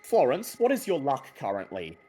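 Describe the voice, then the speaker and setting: A man narrating a tabletop horror game as game master, building tension with slow, dramatic description. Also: mid-range voice, wildly swooping pitch, a crowd in the background.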